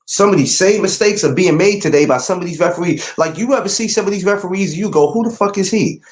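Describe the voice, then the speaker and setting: A man's voice: high voice, fast, echoey room. A man hosting a podcast, talking boxing in a casual, emphatic way. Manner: animated, emphatic, rising to incredulous outbursts. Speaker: podcast host.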